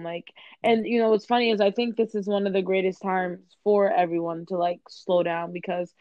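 A woman's voice: fairly low pitch, steady tone, brisk, a little mellow, dry recording. Candid young woman, dull dry sound. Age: young adult. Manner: candid, profane, acts out conversations. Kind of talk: casual chat.

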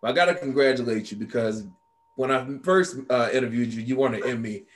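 A man hosting a talk show, asking questions in a relaxed, encouraging way. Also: mid-range voice, quick pace. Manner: encouraging, frequent backchannel yeahs. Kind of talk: casual interview chat.

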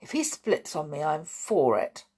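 A woman's voice: low voice, sing-song, unhurried, mellow, husky, heavily acted. A woman voicing a cheeky, truthful young boy who keeps a secret.

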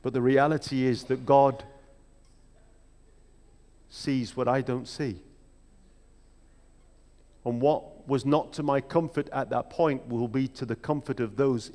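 A man preaching a sermon in a reflective, measured way, with emphatic rhetorical questions. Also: mid-range voice, fairly even intonation, darkish tone. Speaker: pastor. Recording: long hall reverb.

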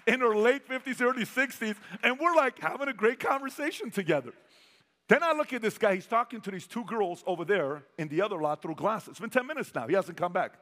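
A man's voice: sits high, expressive, a little fast, bright, forceful tone. A man giving a motivational stage talk to a sales audience, telling stories animatedly and acting out the people in them. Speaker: sales trainer speaking to an audience. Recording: reverberant hall.

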